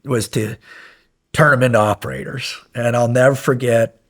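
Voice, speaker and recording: A man's voice: mid-range voice, normal speed. A middle-aged man, a former military instructor, telling stories casually in an interview, rambling with many fillers and swearing when he gets worked up. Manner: rambling anecdotes with many fillers, profane and animated when recounting yelling. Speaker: podcast guest, former SEAL instructor.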